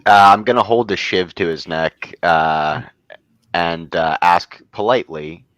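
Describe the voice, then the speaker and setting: A man's voice: sits low, measured pace, a bit bright, no echo. A man playing in a tabletop game session, laid-back and hesitant. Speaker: player. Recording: dull lo-fi mic.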